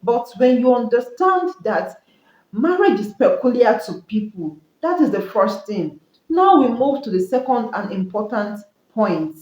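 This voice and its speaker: A woman's voice: fairly high pitch, big pitch swings, a little slow, darkish tone. A woman giving Christian marriage advice in an earnest, repetitive teaching style. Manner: earnest, repetitive preaching cadence. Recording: roomy, dull lo-fi sound.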